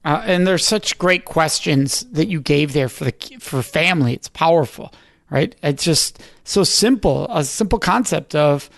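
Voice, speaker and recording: High-voiced male host, dry close sound. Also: animated, creaky, fairly bright tone, no echo. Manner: enthusiastic, affirming, quick follow-up questions. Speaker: podcast host. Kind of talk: interview talk.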